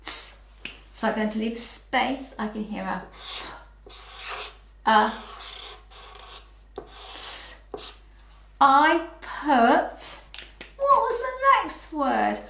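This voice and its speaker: A woman with a British accent leads a slow, clear early-years phonics lesson, patiently and encouragingly sounding out letters one at a time. Her voice is a little high and a bit bright, and the recording is reverberant.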